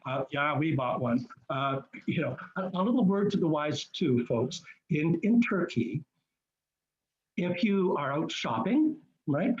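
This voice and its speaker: A chatty, enthusiastic man with a fairly high voice hosts a travel webinar, rambling and restarting as he goes. His voice comes through a computer mic, dull and lo-fi. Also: expressive, measured pace. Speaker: group cruise host presenting a webinar. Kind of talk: casual webinar presentation. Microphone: computer mic on a video call.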